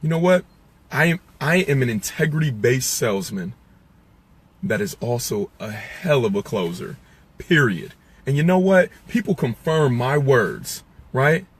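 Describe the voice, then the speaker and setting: A man giving an emphatic, preachy motivational talk on sales to his viewers, repeating lines and swinging from loud preaching to low, quiet asides. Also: big pitch swings, unhurried, husky. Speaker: sales coach.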